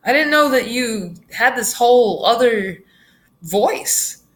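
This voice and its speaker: A woman quoting a smitten, slow-witted young man on a date, eager and earnest. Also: fairly high pitch, expressive.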